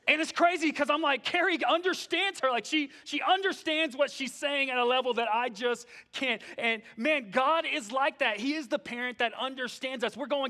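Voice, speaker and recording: Male pastor, high bright voice, casual sermon style, eager then hushed. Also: normal speed. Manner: conversational, full of "like", moving between eager and hushed tones.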